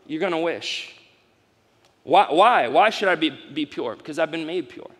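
A middle-aged man preaching a live sermon as pastor, swinging from loud exclamations to soft asides. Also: fairly high pitch, lively intonation, normal speed, husky. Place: large church hall. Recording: long hall reverb.

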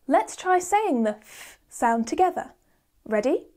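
A woman teaches a phonics lesson to small children in a bright, sing-song teacher voice that is high and full of melody. She takes her time, staying slow, animated and encouraging.

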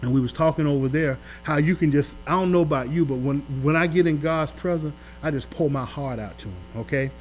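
Pastor type, man, slightly high voice, conversational preacher with big swells, live church stream with mains hum. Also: a little fast, hardly any pauses, soft background music, low-quality recording. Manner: preaching with swells and asides, colloquial. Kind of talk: sermon. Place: church during a live-streamed Bible study.

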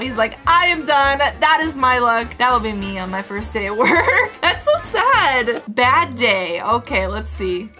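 A woman with a high, bright-sitting voice reacts to clips as a video host. Her pitch swoops up and down as she gasps and exclaims. Music plays steadily beneath her voice. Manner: animated, gasping and exclaiming. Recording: music playing underneath. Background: background music.

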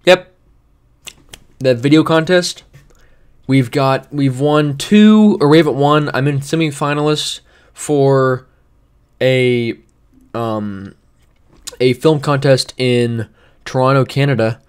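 A young man vlogging casually from his bedroom, rambling and swearing with a deadpan, sarcastic manner. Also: medium pitch, slow pace, pauses often, smooth. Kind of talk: casual vlog chat. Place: home bedroom.

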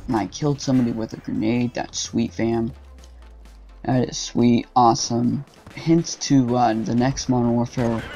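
Young man ranting over gameplay, gravelly. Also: mid-range voice, warm tone. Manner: frustrated, swearing, ranting at teammates. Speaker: gaming channel host. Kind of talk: casual gameplay commentary. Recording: game music and gunfire behind.

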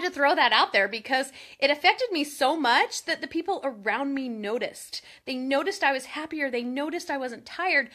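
A woman in her thirties vlogging in a casual chat to camera, telling stories in an animated way and saying "like" a lot. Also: high-pitched, moderate pace, hardly any pauses. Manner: chatty, animated storytelling with lots of "like".

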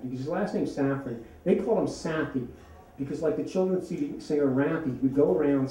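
A man's voice: medium pitch, mellow. A man telling a personal story on stage at a live storytelling event, chatty and often laughing as he speaks. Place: event venue, from a distance. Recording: roomy and echoey from far off.

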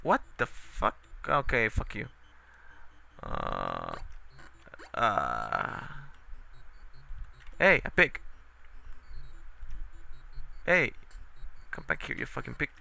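A man commenting on his own gameplay in a rambling way, full of hesitant fillers and loud cursing at the game. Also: on the low side, wildly swooping pitch, drawn-out words, creaky, long pauses. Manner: rambling, swearing, yelling at the game. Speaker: let's play gamer. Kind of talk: profane let's play commentary.

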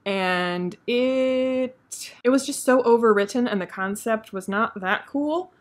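A woman talks casually through the books she read this month. She is opinionated and candid and laughs often. Her tone is relaxed, like an unscripted video diary. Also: a little high, takes it slowly. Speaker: book reviewer. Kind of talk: casual monthly reading wrap-up.

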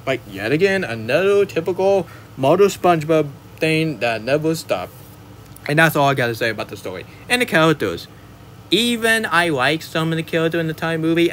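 A man rants about a movie in a loose, rambling way, stumbling and restarting his sentences as he talks. His voice sits at an ordinary middle pitch. A faint hiss of noise runs under the recording. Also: fairly bright tone. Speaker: movie reviewer. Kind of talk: casual spoken movie rant.

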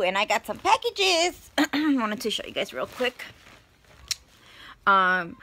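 A woman's voice: mid-range voice, pushed and bright. A young woman with a cough, casually vlogging at home on a phone, playful and teasing, dropping Spanish words into her talk. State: sick with a cough. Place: small apartment indoors.

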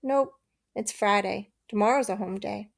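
A woman voicing an eager sixth-grade girl, confident, bright, gravelly, storybook reading. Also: medium pitch, normal speed.

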